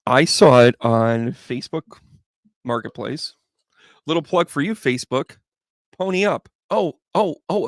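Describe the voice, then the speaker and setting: Speaking at medium pitch in a dry, clean studio recording, a man hosts a live tarot stream. The psychic medium chats with viewers in a loose, playful way, drifting through jokey asides.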